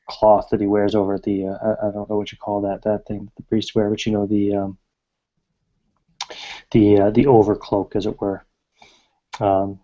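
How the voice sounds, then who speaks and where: Hesitant low-voiced man running a tabletop game. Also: mellow, muffled recording. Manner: hesitant, full of fillers. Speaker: game master.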